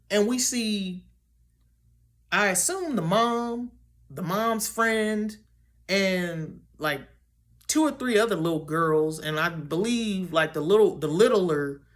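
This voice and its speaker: A young woman vlogger telling a story about a dream in a chatty, animated way, with many fillers and restarts. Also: medium pitch. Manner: acts out her own and others' lines in quotes.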